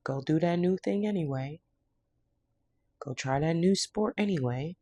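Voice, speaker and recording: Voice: mid-range voice, measured pace, warm tone, no room sound, pitched above the performer's own voice. A tarot reader putting on the voice of a stern, no-nonsense spirit who urges and swears. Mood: urging. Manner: bossy, urging, swears. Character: stern no-nonsense spirit, tough-love elder.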